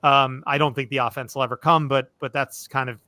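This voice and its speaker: A man's voice: mid-range voice, fairly even intonation, fairly quick, bright, forceful tone, dry recording. A man hosting a sports podcast, chatting loosely with plenty of "look" and "you know" fillers. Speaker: podcast host. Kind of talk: casual sports podcast chat.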